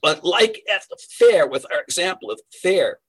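A man's voice: high voice, very animated, normal speed, slightly rough, low-quality recording. A man preaching a verse-by-verse Bible sermon, earnest and emphatic, asking rhetorical questions as he teaches.

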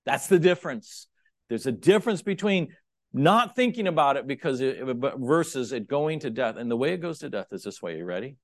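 Animated preacher swinging from loud to hushed. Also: male voice, mid-range voice, brisk. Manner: dynamic, swings from loud emphatic peaks to hushed near-whispers; conversational and confessional, acts out his own inner thoughts. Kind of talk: sermon.

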